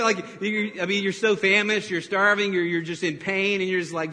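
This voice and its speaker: A man preaching a sermon as pastor, animated and storytelling, breaking into laughs and acting out quotes. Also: high-pitched, normal speed. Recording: reverberant hall.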